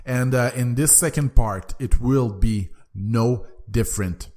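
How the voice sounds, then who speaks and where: A young man hosts his own book podcast, talking. His delivery is eager and animated, and he often stumbles and restarts his words. His voice sits at an ordinary middle pitch. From Quebec, Canada. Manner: enthusiastic, repeats and restarts words. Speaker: podcast host. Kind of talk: solo book podcast monologue.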